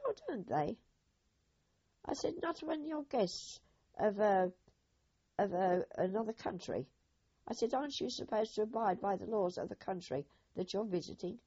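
An older woman telling her own memories as oral history, in a husky voice, acting out each speaker's quoted words. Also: medium pitch, dark tone. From Britain. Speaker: eyewitness. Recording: dull lo-fi recording.

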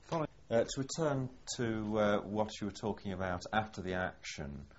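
A male interviewer asking measured, probing questions in an oral history interview, with some hesitations. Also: lowish voice, lively intonation. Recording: dull lo-fi tape with faint hiss.

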